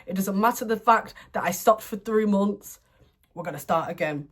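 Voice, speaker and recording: A young woman chatting casually while doing her makeup at home, laughing often and breaking into playful bursts of excitement. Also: mid-range voice, a little fast. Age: young adult. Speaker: beauty vlogger. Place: home room, indoors.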